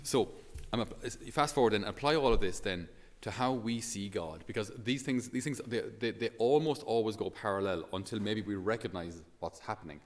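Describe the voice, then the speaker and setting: A man's voice: lowish voice, fairly quick, few pauses, big-room sound. An Irish man, a priest, giving a homily in a chatty, storytelling way with many fillers.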